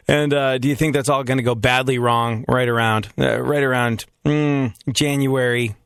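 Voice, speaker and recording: A man's voice: mid-range voice, steady tone, unhurried, creaky, a bit bright, clean tone, no room sound. Guy hosting a talk show, jokey and self-mocking, dry close sound. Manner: jokey, self-mocking, acts out his own voice in quotes. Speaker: radio show host. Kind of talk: casual monologue.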